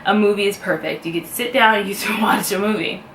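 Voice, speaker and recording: A woman speaking heartfelt and unscripted to her camera, her words often halting and full of feeling. Her voice sits at an ordinary middle pitch. The room rings with echo and a faint ambient hiss lies underneath. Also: a bit bright. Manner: emotional, heartfelt, halting with pauses. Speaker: vlogger. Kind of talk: personal vlog talking to camera.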